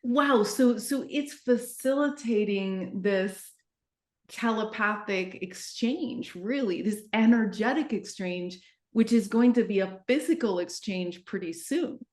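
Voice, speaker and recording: A woman's voice: mid-range voice, slow, darkish tone. A woman interviewing a guest, asking curious, enthusiastic questions in casual talk. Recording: echoey room.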